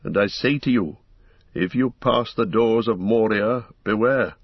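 A man giving voice to a weary ranger, grim and earnest. He speaks heavily in a husky voice, on a dull lo-fi recording. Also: lowish voice, unhurried, dry recording. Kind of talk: audiobook character reading.

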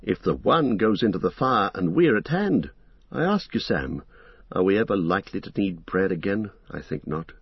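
A man reading the part of an earnest young male hobbit, gentle, thoughtful and resigned, on a dull lo-fi recording. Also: low voice, animated, moderate pace, breathy edge, no echo, full character voice. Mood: somber.

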